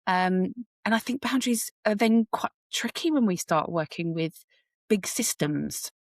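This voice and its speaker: A woman hosting a podcast, talking reflectively with halting pauses. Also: medium pitch, lively intonation, no echo, clean studio sound. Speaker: podcast host. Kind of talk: casual chat.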